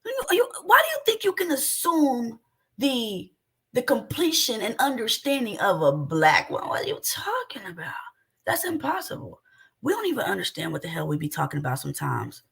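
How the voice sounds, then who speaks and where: A woman giving heated reaction commentary, loud, indignant and mocking, with frequent outbursts. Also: a little high, sing-song, a little fast, vocal fry, slightly rough. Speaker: commentator reacting to a stream clip.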